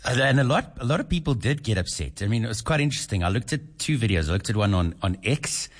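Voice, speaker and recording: A man co-hosting a radio chat, telling stories in an animated way and repeating words. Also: fairly low pitch, fast talker. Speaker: radio co-host.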